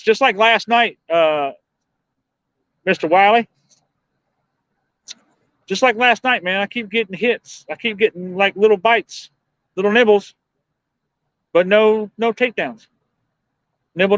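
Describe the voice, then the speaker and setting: A man hosting a night fishing livestream, chatting in a relaxed, rambling way, musing aloud and answering viewers. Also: sits high, no echo. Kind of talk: casual live-stream chat. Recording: dull, dry lo-fi sound.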